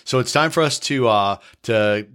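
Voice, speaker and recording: A man's voice: medium pitch, normal speed, fairly bright tone, smooth. A man co-hosting a casual chat podcast, explaining things earnestly and turning playful. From American Midwest. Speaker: podcast co-host.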